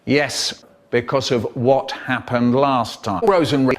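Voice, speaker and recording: A man telling comic stories in a playful, animated way, breaking into sound effects and squeals. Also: mid-range voice, slow pace. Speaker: storyteller. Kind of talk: comic storytelling, chopped into a remix.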